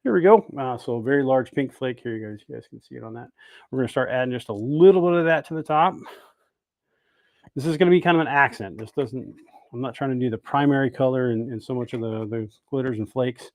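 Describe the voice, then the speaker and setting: A man's voice: medium pitch, fast, darkish tone, no room sound. A man hosting a casual livestream from an indoor workshop, chatting and greeting viewers by name as he works. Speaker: host of a bait-making livestream. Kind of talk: casual livestream demo talk.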